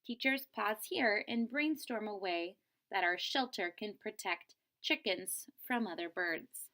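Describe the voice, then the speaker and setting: A woman's voice: medium pitch, expressive, unhurried, sharp tone. A woman teacher reading a picture book aloud to children, expressively and stopping to explain word meanings. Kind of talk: read-aloud storybook lesson.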